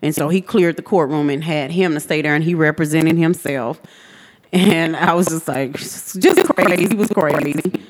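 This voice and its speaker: Woman, forties, guest on a podcast, vivid storyteller, lowish voice. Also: normal speed. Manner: animated, vivid retelling that jumps high when quoting others. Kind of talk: personal storytelling in a podcast interview.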